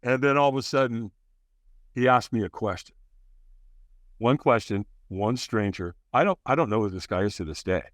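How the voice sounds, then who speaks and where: A man telling a personal story as a podcast guest, acting out the other people's lines with big leaps in pitch. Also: normal speed, pauses often, no echo. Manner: acts out dialogue with big jumps in pitch. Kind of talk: animated storytelling.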